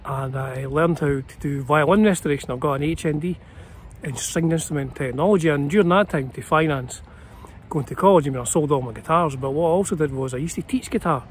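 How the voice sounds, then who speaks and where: A man's voice: fairly high pitch, fairly quick, a little hiss or hum. Scottish guy in his 50s, guitar channel host, chatty and wandering, lots of uhs, outdoors in a park. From Scotland. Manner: chatty and meandering, with many fillers and restarts. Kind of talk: casual rambling vlog talk. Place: small city park outdoors.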